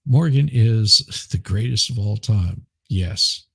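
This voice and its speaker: A man's voice: lowish voice, lively intonation, slow, gravelly, fairly bright tone, slightly rough, no echo, clean studio sound. A man hosting a live stream, rambling casually and chuckling as he reads chat. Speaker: livestream host.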